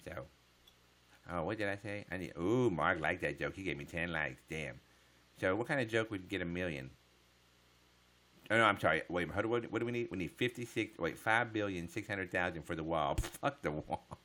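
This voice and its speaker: A man's voice: sits low, moderate pace, sharp tone. A man live streaming, chatting casually with viewers in a joking, profane way.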